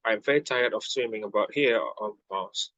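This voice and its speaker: A man's voice: lowish voice, normal speed, a bit bright, dry recording, highs cut off. A young man voicing Alice, a polite, chatty little girl, in a storybook reading, stumbling over words.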